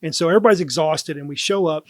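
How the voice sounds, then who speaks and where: Guest storyteller: lively man, high-pitched, dry close mic. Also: racing, no echo. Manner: animated, laughs while telling. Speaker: guest, former police officer. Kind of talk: casual storytelling.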